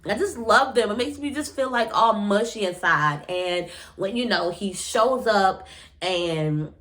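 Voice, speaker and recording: A young woman, recapping a reality show in a casual, blunt, opinionated way, often jumping up in pitch as she rants. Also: unhurried. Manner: animated, blunt and opinionated, often jumps up in pitch, swears freely. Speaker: TV recap vlogger.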